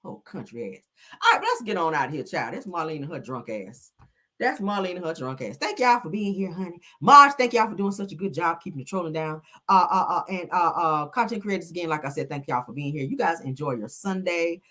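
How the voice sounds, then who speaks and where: Sassy woman hosting a gossip livestream, husky voice, bounces all over. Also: lowish voice, a little fast. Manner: sassy, animated, lots of fillers and call-outs. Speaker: live-stream host. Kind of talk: casual gossip live stream.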